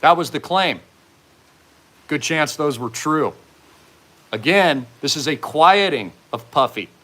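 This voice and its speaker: Higher-voiced man, fervent and preachy, pushing hard in a commentary monologue. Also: animated, slow pace, pushed and bright. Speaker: host.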